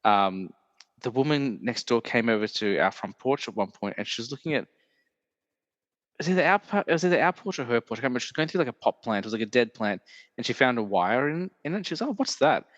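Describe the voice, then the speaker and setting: A man's voice: medium pitch, lively intonation, fast talker, a bit bright, dry recording, in a large hall, muffled recording. A man hosting a podcast in casual chat, rambling and joking, often breaking into put-on voices. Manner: rambling, self-interrupting, jokey with put-on voices. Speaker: podcast host.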